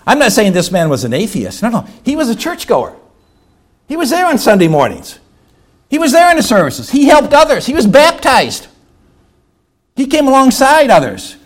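With an extremely high-pitched voice, a male pastor preaches, shifting between forceful exhortation and soft appeals. He asks rhetorical questions and slows down to stress key words.

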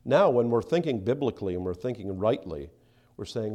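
A man preaching a sermon, acting out the speakers he quotes and dropping to soft asides between them. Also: fairly low pitch, sing-song, moderate pace. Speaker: pastor.

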